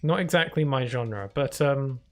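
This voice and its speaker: A man's voice: mid-range voice, unhurried. A man chatting casually while live-streaming a game, rambling on with many fillers at a desk microphone.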